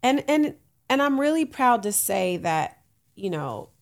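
A woman's voice: fairly high pitch, sing-song, measured pace, vocal fry. A woman in her late thirties hosting a casual solo podcast, candid and uplifting, laughing often, with African American Vernacular English. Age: late 30s. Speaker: podcast host.

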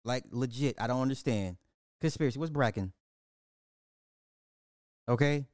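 A man hosting a livestream in casual commentary, talking in an animated, emphatic way and laughing often. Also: mid-range voice, normal speed, no room sound, clean studio sound. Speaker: livestream host.

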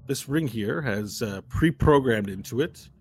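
A man's voice: medium pitch, animated, a little slow. A man running a tabletop game as game master, narrating in a casual, descriptive way. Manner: casual, descriptive, hesitant fillers.

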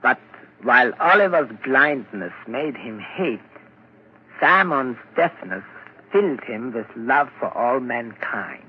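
A man playing a composed doctor at a mental ward, measured and explanatory, in 1940s radio acting. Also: medium pitch, big pitch swings. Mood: explaining. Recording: dull old radio recording, faint hiss.

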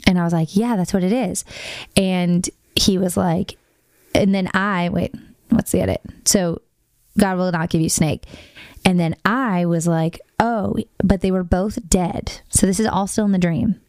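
A woman hosting a casual faith conversation, telling a story earnestly with quick asides. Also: fairly low pitch, steady tone, darkish tone, no echo, studio quality.

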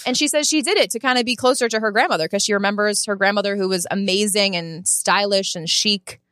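A woman's voice: mid-range voice, quick pace, no room sound, studio quality. A woman co-hosting a podcast in casual chat, blunt and opinionated, telling stories with energy. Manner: blunt, opinionated, lively storyteller. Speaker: podcast co-host.

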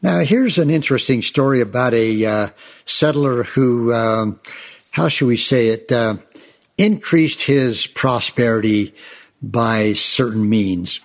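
A man's voice: mid-range voice, slow. A man telling Old West tales in a chatty, folksy way, often calling his listeners folks. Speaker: storyteller.

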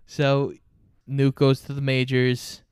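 A man's voice: medium pitch, completely flat delivery, slow, darkish tone, clear, resonant tone, dry recording, clean studio sound. A man co-hosting a casual movie podcast. He walks through the plot step by step in a storytelling manner. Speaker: podcast co-host. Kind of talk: casual movie recap chat.

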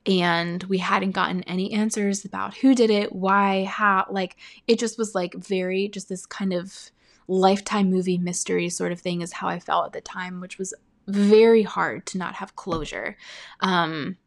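A young woman recounts her personal testimony of faith, speaking earnestly and haltingly, with frequent pauses and "like". Her voice sits at a middling pitch with a noticeable gravelly fry in it. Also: fairly even intonation.

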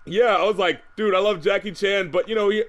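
A man's voice: high voice, steady tone, brisk, fairly bright tone. A man hosting a podcast in casual chat, often laughing and acting out quotes. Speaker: podcast host.

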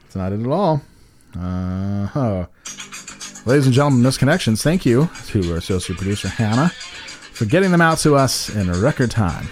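A man reads personal ads aloud on a comedy podcast, making them sound dramatic and cursing as he goes. His pitch rises and falls a lot as he reads. Faint music plays underneath. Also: sing-song, moderate pace. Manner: profane, laughing, mock-dramatic reading aloud. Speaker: podcast co-host.

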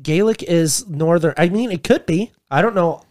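A man's voice: fairly high pitch, expressive, moderate pace, a little mellow, no echo, studio quality. A young man co-hosting a podcast in casual chat, joking, rambling and swearing freely. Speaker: podcast co-host.

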